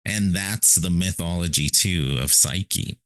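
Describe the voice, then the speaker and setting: A man's voice: low-pitched, slow pace, fairly bright tone, no echo. A man co-hosting a podcast in casual, rambling philosophical chat, often checking in with "right?". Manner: rambling, emphatic, repeats "right?". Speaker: podcast co-host.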